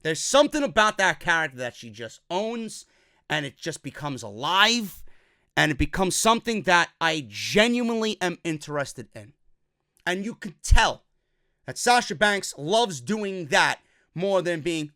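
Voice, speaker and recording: A man's voice: high voice, very animated, a little slow, sharp tone, no echo, clean studio sound. A man ranting bluntly in a profane wrestling review vlog, exasperated and swearing often.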